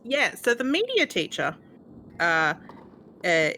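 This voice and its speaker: A woman's voice: on the low side, huge pitch swings, slow pace, sharp tone, slight background noise. A woman streaming a retro game, chatting and telling rambling stories. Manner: rambling, chatty storytelling with fillers. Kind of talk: casual chat.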